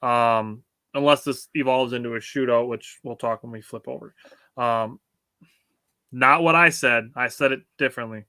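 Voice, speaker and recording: A man's voice: mid-range voice, normal speed, pushed and bright, clean tone, no room sound, studio quality. A man co-hosting a sports podcast in casual chat, laughing often and reading out listener comments. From United States. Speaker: podcast co-host.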